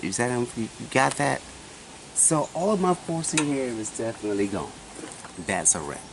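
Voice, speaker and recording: A man in his forties telling a personal story in casual chat, animated and often asking his listener questions. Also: mid-range voice, normal speed, creaky. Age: 40s. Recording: noisy recording.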